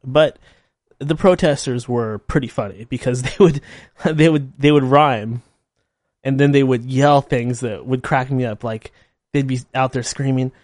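A man's voice: mid-range voice, unhurried, a little mellow, no echo, studio quality. A man delivering a blunt, sarcastic opinion monologue full of rhetorical questions. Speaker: commentator.

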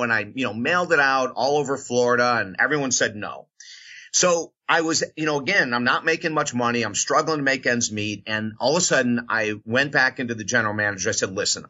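Male radio host, bright tone, animated storyteller, muffled lo-fi audio. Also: medium pitch, slightly rough. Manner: animated storyteller acting out quoted voices. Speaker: radio host and motivational speaker. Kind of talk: storytelling interview answer.

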